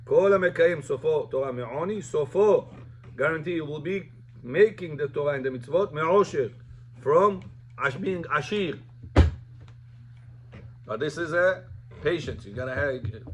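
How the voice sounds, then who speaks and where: Male rabbi, informal Talmud class, storytelling, Hebrew terms in English, slightly high voice. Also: unhurried, pauses often, fairly bright tone, slight background noise.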